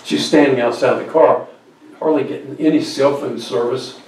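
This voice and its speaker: With a medium-pitched, darkish voice that stays steady at normal speed, a man preaches a story as a guest speaker in a church sanctuary. It's a storytelling sermon, recorded from far off in a very echoey room with a little hiss or hum. He acts out quoted voices and drops to near whispers.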